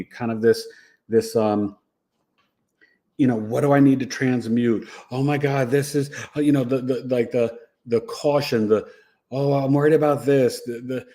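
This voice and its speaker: A man's voice: lowish voice, dark tone. A middle-aged man hosting a live astrology stream, talking in a loose, chatty and playful way. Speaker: astrology show host.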